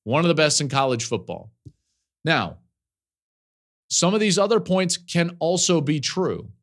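A college football analyst in his forties talks through the week's news. His mid-range voice swings widely in pitch, and he keeps slipping into laughing asides and quick stories as he goes. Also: lively intonation, a bit bright. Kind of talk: podcast commentary.

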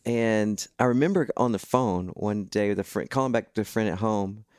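Man, animated storyteller; quotes others in put-on voices; dry studio sound. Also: fairly low pitch, normal speed, no room sound. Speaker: guest musician. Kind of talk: storytelling in casual chat.

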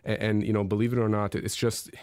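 A man giving advice on a radio call-in show, reassuring and quick, often repeating words as he goes. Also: lowish voice, level tone, darkish tone, clear, resonant tone, dry recording, studio quality. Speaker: guest expert.

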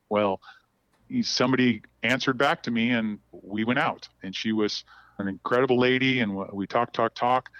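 Halting man telling a candid story, dry sound. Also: medium pitch, fairly bright tone, no room sound, muffled recording. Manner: halting, repeats words while telling a story. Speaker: podcast guest.

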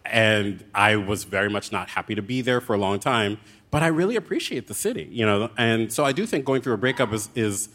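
A man telling a dramatic, comic story as a guest author on a live show, with quick asides. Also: fairly low pitch, lively intonation, a bit bright.

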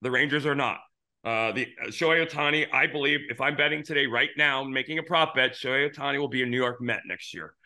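Talking fast in a sharp, medium-pitched voice, a middle-aged ex-pitcher hosts a baseball podcast. His casual sports chatter meanders through anecdotes, often starting over mid-thought.

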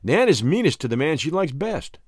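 A man's voice: normal speed, husky. A man narrating a first-person novel as an audiobook, telling the story expressively. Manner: expressive storytelling with wide pitch swings.

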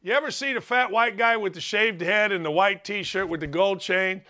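A man hosting a sports talk show, delivering an opinionated monologue with brash, emphatic outbursts and quieter, earnest stretches. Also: sits high, normal speed. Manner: brash, emphatic, bursts into loud exclamations; turns quiet and earnest on serious subjects.

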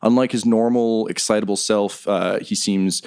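A man's voice: lowish voice, moderate pace, clear, resonant tone. A man narrating a tabletop role-playing game as game master, telling the story loosely with many fillers. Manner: relaxed, filler-heavy storytelling.

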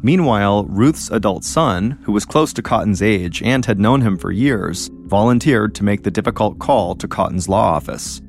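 A man hosting a podcast, telling a true-crime story in a measured, suspenseful scripted narration. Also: fairly low pitch, lively intonation, soft background music. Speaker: podcast host.

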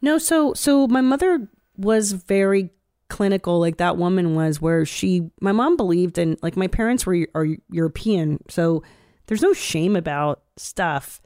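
A woman hosting a podcast, telling stories in a rambling, expressive way, swearing and laughing often. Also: on the low side, unhurried, dry recording, studio quality. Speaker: podcast host. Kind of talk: casual podcast chat.

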